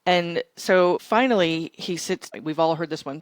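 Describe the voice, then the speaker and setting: A middle-aged woman founder telling stories in an interview, animated and blunt, swearing and acting out other people's lines. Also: on the low side, unhurried, no room sound. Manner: animated, profane, quotes others in raised voice. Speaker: startup founder and CEO, guest. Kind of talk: candid interview storytelling.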